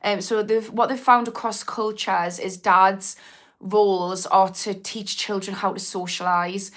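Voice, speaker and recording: Steady, unhurried and a bit bright, the mid-range voice belongs to a young Geordie woman from Newcastle. She rambles and laughs on a casual livestream, reading viewer comments aloud as she chats.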